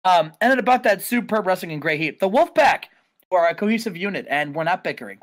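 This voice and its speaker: Casual podcast co-host, man, energetic recapper of wrestling shows. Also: high voice, quick pace. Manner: excited, storytelling recap.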